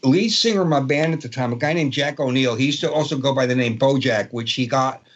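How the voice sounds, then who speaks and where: A man's voice: mid-range voice, brisk, muffled recording. A man in his sixties from Brooklyn with a Brooklyn accent, a guitarist telling rambling stories in an interview with many fillers and restarts. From Brooklyn, New York. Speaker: guest guitarist. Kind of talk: casual storytelling interview.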